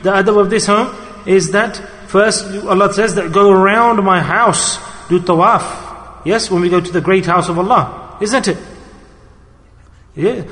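A man's voice: sits high, fairly bright tone, long reverb tail. A man giving an earnest sermon, asking rhetorical questions and acting out people's pleading prayers. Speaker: preacher.

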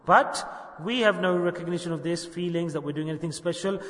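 In a hall with long, echoing reverb, an elderly shaykh leads a dhikr gathering with a casual sermon, lightly joking as he keeps asking his listeners questions. He speaks fairly quickly in a bright voice on the high side.

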